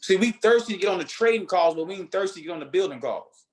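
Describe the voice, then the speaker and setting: High-voiced man giving a fired-up pep talk. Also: quick pace. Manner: energetic preacher-like delivery, emphatic repetition. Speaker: network marketing leader. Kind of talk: motivational talk.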